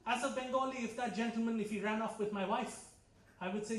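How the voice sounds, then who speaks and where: A man's voice: very high-pitched, steady tone, quick pace, roomy sound. A man from India with an Indian English accent, doing a stand-up comedy set with a dry, ironic delivery and frequent self-corrections. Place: club hall with a live audience. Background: audience laughter.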